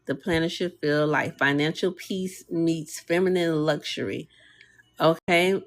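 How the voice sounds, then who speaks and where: A woman's voice: low voice, measured pace. A woman hosting a casual live tutorial, chatting with viewers and reading their comments aloud, with easy fillers and laughter. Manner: chatty, talks to viewers and reads chat aloud. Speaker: live stream host demonstrating a design tool. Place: home desk, streaming live.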